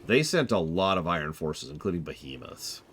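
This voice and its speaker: Man, streamer, casual game commentary, opinionated, low voice, very animated pitch. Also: normal speed, noisy background. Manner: chatty, opinionated, joking.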